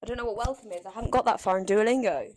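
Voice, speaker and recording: A young woman co-hosts a casual podcast with animated energy and easy swearing. Her voice sits in a middle register. The sound is close and dry, from a podcast mic at home. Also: mid-range voice, very fast, dry recording. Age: young adult. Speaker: podcast co-host. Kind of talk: casual chat.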